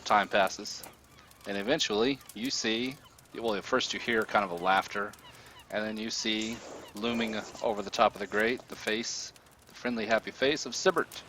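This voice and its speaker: A man running a tabletop game as game master, narrating scenes in a relaxed, descriptive way. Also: lowish voice, moderate pace, slight background noise.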